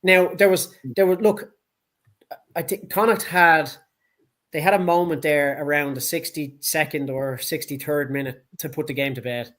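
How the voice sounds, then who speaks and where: A man's voice: on the high side, fairly even intonation, moderate pace, fairly bright tone. A man with a Dublin accent co-hosting a casual sports chat, blunt, heated and full of swearing. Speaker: podcast co-host.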